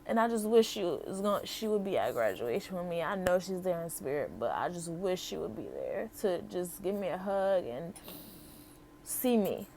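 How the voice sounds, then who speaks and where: A woman's voice: on the low side, lively intonation, moderate pace, darkish tone, slight background noise. A woman in her thirties from the United States, telling her personal story to camera in a chatty, heartfelt way full of "like" and "um". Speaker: vlogger.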